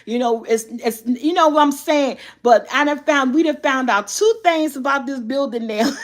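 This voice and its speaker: A middle-aged woman vlogger telling a story in a casual chat, animated and often laughing. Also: sits high, normal speed.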